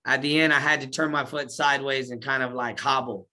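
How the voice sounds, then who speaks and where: A man's voice: medium pitch, a little fast. A man recounting his life story in a casual interview, talking in slang and acting out what he said back then. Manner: animated, slangy, acts out his own past words.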